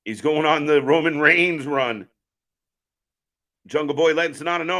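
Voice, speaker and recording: A man's voice: on the high side, normal speed, vocal fry, bright, forceful tone. A man hosting a live stream, chatting casually as he calls the action and answers viewer chat. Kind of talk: casual live wrestling watch-along commentary.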